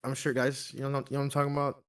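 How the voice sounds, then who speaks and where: Regular-sounding guy on a stream, rambly and chatty, middle pitch. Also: completely flat delivery, rapid-fire, a bit bright, clear, resonant tone. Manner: chatty, rambling with many likes and restarts. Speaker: podcast host. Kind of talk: casual livestream chat.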